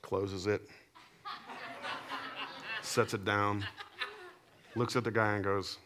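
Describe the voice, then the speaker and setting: A man preaching a sermon to his congregation. He tells stories animatedly, swinging between loud emphatic lines and low, quiet asides. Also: little pitch movement, slow pace, long pauses, noisy background. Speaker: pastor. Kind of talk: sermon with storytelling.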